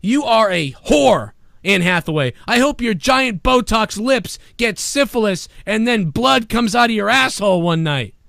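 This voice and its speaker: A man hosting a live-streamed talk show, ranting profanely and swinging between a low grumble and loud shouting. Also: animated, a little slow, gravelly, no room sound, studio quality. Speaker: podcast host.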